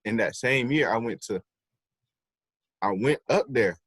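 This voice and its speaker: A young man co-hosting a podcast, telling animated stories about school and acting out his old teachers. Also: medium pitch, unhurried, husky, no room sound. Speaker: podcast co-host. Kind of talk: casual chat.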